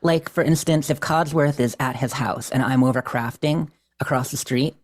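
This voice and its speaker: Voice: medium pitch, moderate pace. Chatty, laughing podcast co-host. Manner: chatty, self-deprecating, laughs often. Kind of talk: casual chat recapping a game playthrough.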